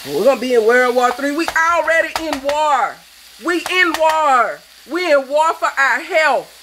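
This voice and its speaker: A woman's voice: high voice, lively intonation, unhurried, a bit bright, a little hiss or hum, low-quality recording. A woman, a cooking show host, delivering a fervent, preachy rant that scolds her viewers. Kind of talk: impassioned vlog rant.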